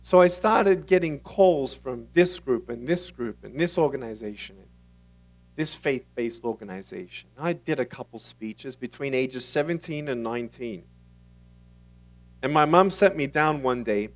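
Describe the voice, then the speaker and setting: A motivational speaker at a conference, telling his own story in an animated way and acting out the dialogue. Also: medium pitch, a little slow, far from the mic. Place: conference stage.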